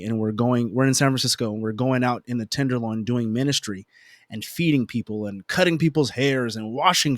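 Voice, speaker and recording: With a medium-pitched voice, an adult man who is a parent recounts something from his own life in easygoing conversation. He's animated and self-mocking, hammering points through repetition, on a studio-quality recording with no echo.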